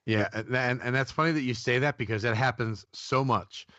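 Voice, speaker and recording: A man with a medium-pitched voice speaks at a moderate pace in a pushed, bright tone. He's a psychic medium guesting on a radio show, telling rambling anecdotes in casual interview talk, restarting often and acting out the people he quotes. The recording is dull lo-fi radio audio and dry.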